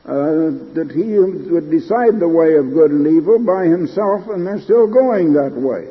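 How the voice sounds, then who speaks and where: A man's voice: fairly high pitch, expressive, measured pace, hardly any pauses, long reverb tail, highs cut off. An older man preaching an emphatic broadcast sermon, his delivery rising to fervent peaks.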